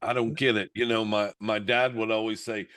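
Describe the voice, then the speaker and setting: A man's voice: fairly low pitch, normal speed. A middle-aged man co-hosting a podcast, chatting casually and acting out the people he quotes. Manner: animated storyteller, acts out the quotes. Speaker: podcast co-host. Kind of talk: casual chat.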